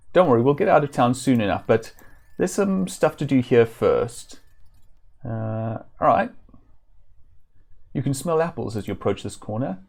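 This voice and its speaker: Male streamer, mid-pitched, casual and wry, reading game text aloud, faint guitar music behind. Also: gravelly. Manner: relaxed, self-correcting, wry asides.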